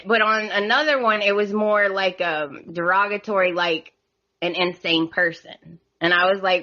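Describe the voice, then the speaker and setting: A woman with a strong Southern US accent talks as a podcast guest, bright and a bit tense in tone. She giggles often and hedges her words, and the recording sounds somewhat muffled and lo-fi. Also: mid-range voice, normal speed. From southern United States. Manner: giggly, hesitant, polite. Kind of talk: casual chat.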